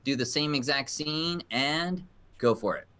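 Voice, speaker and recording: Bright-voiced upbeat game show host man. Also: fairly high pitch, unhurried, clean tone. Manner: upbeat, encouraging, explains rules. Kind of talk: live virtual game show hosting. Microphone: video call.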